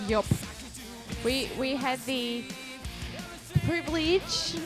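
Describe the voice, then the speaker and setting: A woman's voice: sits high, very slow, music in the background. A woman co-hosting a talk show, chatting playfully and giggling. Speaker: co-host. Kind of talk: casual chat on a live show.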